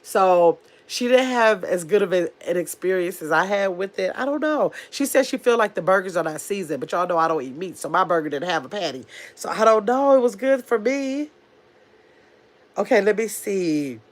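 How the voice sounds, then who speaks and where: A woman's voice: mid-range voice, expressive, moderate pace. Chatty woman livestreamer reading chat. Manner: chatty, reads viewer comments aloud and answers them.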